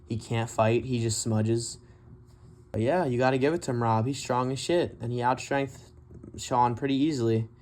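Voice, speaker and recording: A man's voice: mid-range voice, fairly even intonation, moderate pace, a little mellow, slight background noise. A man giving casual, profane commentary on a fight, blunt and mocking as he rants. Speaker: MMA commentary vlogger.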